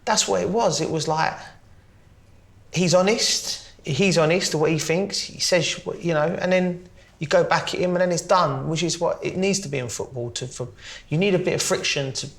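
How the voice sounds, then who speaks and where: A man in his forties with a London accent chatting as a guest, a touch higher-pitched than most men. He tells his stories with frequent laughter and puts on voices for the people he quotes. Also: normal speed, creaky, fairly bright tone. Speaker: guest, former footballer. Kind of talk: casual chat with anecdotes.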